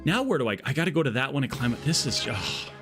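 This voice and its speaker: Over music, a male game streamer talks quickly in a sing-song, mid-range voice, joking and rambling through casual gameplay chat. He wanders onto tangents, and he's using an earbud mic.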